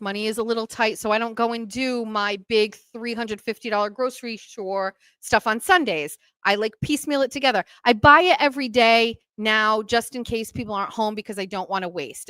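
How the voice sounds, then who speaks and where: Podcast host: New woman, bright, higher voice, animated storyteller who acts out the quotes, dry close mic. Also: clear, resonant tone, dry recording. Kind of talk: casual storytelling.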